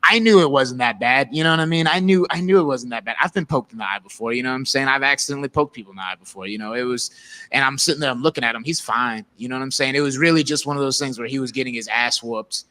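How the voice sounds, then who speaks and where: A fighter giving a post-fight interview, talking in a loose, rambling way and often checking in with "you know what I'm saying.". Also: male voice, mid-range voice, quick pace, sharp tone.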